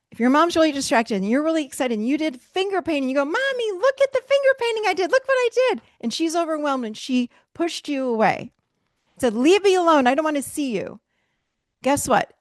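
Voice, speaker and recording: A woman in her fifties giving an energetic motivational workshop talk as a coach, emphatic and conversational with light laughs. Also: medium pitch, no echo, clean studio sound.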